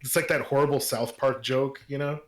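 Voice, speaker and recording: A man's voice: mid-range voice, steady tone, fairly quick, roomy sound, crowd noise. A man playing a tabletop game, talking casually with lots of swearing and rambling fillers. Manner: profane, rambling with many fillers.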